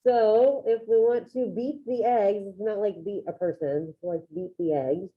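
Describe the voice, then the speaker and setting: A woman's voice: medium pitch, moderate pace. Woman teaching over a tinny call. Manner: upbeat, encouraging, calls on students by name. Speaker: Spanish teacher. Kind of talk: online classroom lesson. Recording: tinny phone-like video call audio.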